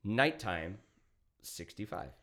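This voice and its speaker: A man's voice: fairly low pitch, slow. A man in his thirties hosting a podcast, telling a long story in a casual, profane way and acting out the people in it. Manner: profane, animated, acts out quotes. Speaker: podcast host.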